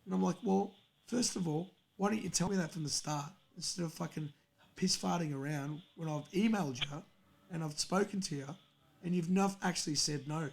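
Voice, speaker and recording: A man's voice: on the high side, moderate pace, gravelly. A young man hosting a podcast, telling a story in a heated, profane casual rant. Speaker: podcast host. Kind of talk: angry casual rant on a stream.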